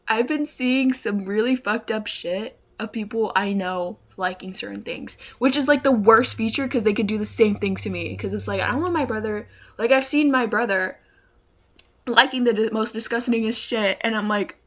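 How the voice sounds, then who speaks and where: A woman's voice: on the high side, moderate pace. A young woman vlogging a rambling storytime, full of "like" and "bro" and frequent swearing. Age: young adult. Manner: rambling, swears often, says "like" and "bro" a lot.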